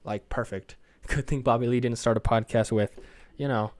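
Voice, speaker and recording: A man's voice: mid-range voice, fairly even intonation, normal speed, a little mellow, dry recording. A tired young man hosting his own podcast, rambling in casual chat, swearing freely and apologizing for himself. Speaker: podcast host.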